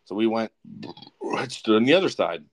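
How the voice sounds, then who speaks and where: Young male co-host, lower voice, swears freely, rambles through stories. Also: moderate pace. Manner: profane, rambling, animated. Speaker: podcast co-host. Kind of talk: casual storytelling.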